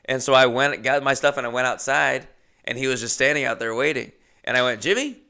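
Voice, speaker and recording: A young man hosting his own show, telling comic stories in an animated, chatty, jokey way. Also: medium pitch, brisk, vocal fry, smooth. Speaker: comedian host. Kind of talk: comedic storytelling monologue.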